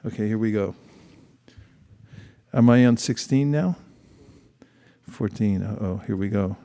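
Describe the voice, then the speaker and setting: A man with a low, mellow voice gives a relaxed, conversational sermon, stopping to read scripture aloud and reflect on it. His voice rings out with a long reverb, as if in a large hall. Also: unhurried. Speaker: speaker giving a scripture class.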